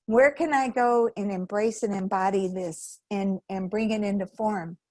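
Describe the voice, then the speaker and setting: A woman's voice: medium pitch, moderate pace, a little mellow, dry recording. A woman giving a sermon at a spiritual center in a conversational way, acting out the voices of people she quotes. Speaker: guest speaker at a spiritual center.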